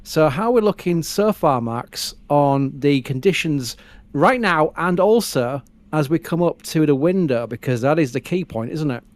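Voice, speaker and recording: A man hosting a live stream, talking fast and bubbly with rushed asides. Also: fairly high pitch, expressive. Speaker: stream host. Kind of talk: casual live commentary.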